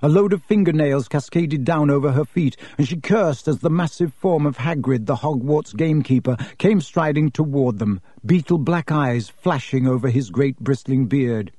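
A man narrating an audiobook in a steady, measured way. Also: a little high, dry recording.

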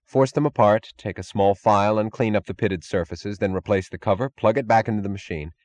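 A man's voice: fairly low pitch, a little fast, darkish tone, natural voice. Man voicing a brusque, competent engineer. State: out of breath. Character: calm, competent male engineer. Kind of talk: audiobook character voice.

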